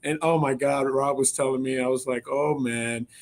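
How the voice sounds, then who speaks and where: A man co-hosting a casual workplace live stream, an animated storyteller who halts with many fillers and laughs often. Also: medium pitch, fairly quick. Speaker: co-host of company live stream. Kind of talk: casual chat.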